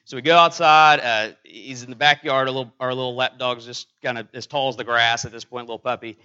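A middle-aged man preaching a sermon, telling a personal story with many halting fillers and restarts. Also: mid-range voice, fairly even intonation, sharp tone, smooth, muffled recording. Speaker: pastor.

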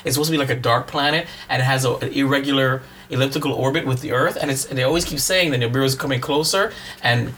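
A man's voice: mid-range voice, quick pace, a bit bright, a little hiss or hum. A man co-hosting a podcast in casual chat, teasing his co-host and rambling through explanations.

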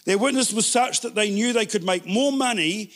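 Guy preaching a sermon, pretty high voice, gets animated and repeats stuff for emphasis. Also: moderate pace. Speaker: pastor.

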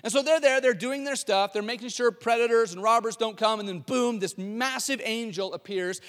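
A man's voice: very high voice, normal speed, fairly bright tone, big-room sound. A male pastor preaching a sermon, telling the story animatedly with frequent restarts.

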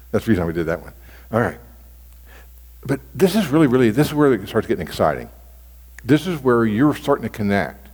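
Animated man preaching in a reverberant hall. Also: mid-range voice, husky. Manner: animated, restarts and repeats phrases. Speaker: pastor teaching on devotional reading. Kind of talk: conversational sermon. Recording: long reverb of a large hall.

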